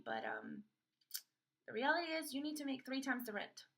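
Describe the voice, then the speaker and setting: A young woman hosting a podcast, telling a personal story in an animated way and acting out the voices of others in it. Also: high-pitched, normal speed, pauses often. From Florida. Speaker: podcast host.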